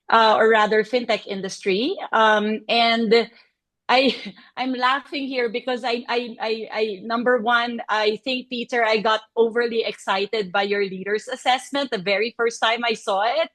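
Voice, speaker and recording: A woman, a senior consultant presenting a case study over a video call. She talks in a chatty, animated way with frequent fillers. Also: a little high. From Philippines. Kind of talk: online presentation.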